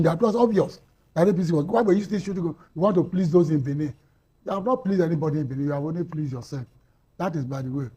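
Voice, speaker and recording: On a panel, a Nigerian man argues hotly in a fairly high, mellow, slightly rough voice, talking at a quick pace. He's a guest in a heated debate, firing off rhetorical questions and repeating lines for emphasis.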